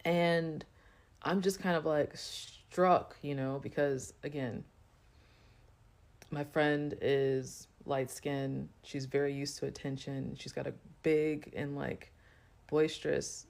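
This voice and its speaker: A woman with a low, unhurried, darkish voice and vocal fry tells a personal story to camera. It's a loose, chatty storytime monologue packed with fillers.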